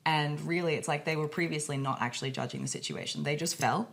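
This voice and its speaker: Low-voiced aussie woman, gravelly, swears a lot, voice swings up and down as she tells stories. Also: fast talker. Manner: animated storytelling, swears freely, acts out quoted voices. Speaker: podcast co-host. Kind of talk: casual chat.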